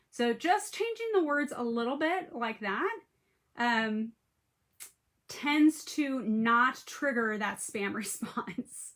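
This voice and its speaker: A woman's voice: on the high side, expressive, slow pace, a bit bright. A woman coaching direct sellers in a casual, chatty way, acting out sample messages with emphasis. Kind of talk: casual instructional talk to camera.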